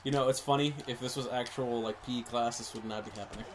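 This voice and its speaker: A man's voice: medium pitch, steady tone, quick pace, background noise. A man co-hosting a casual gaming podcast, reacting with wry, teasing remarks. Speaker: podcast co-host.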